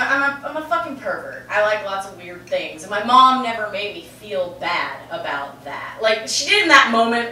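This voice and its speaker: Young woman, bright open-mic storyteller, blunt and rambling, echoey room from a distance. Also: on the high side, slight background noise. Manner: frank, profane, rambling with many "like" fillers. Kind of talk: confessional stand-up storytelling. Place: stage in a roomy venue with a live audience.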